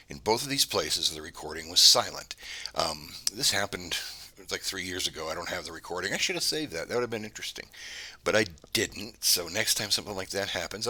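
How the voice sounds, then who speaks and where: Husky low-voiced man telling a story. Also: bright, forceful tone. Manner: meandering, conversational, many restarts. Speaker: channel host. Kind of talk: casual storytelling to camera.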